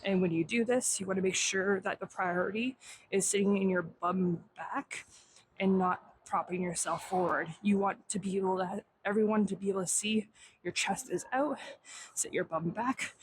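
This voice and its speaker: A woman's voice: medium pitch, rough recording. Young woman instructor demoing stretches, a bit winded, faint noise behind. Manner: encouraging, instructive, counts aloud in Japanese. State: slightly out of breath. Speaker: fitness instructor. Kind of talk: instructional demo while exercising.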